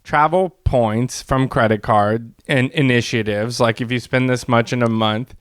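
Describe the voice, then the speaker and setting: A man's voice: medium pitch, fairly even intonation, measured pace, clear, resonant tone, no echo, studio quality. A man co-hosting a podcast, bantering in a joking, laid-back way. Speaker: podcast co-host. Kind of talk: casual chat.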